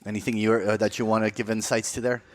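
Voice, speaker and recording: Low-voiced man reviewing market charts. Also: little pitch movement, fast, dry recording. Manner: methodical, with many "uh" fillers. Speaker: podcast co-host.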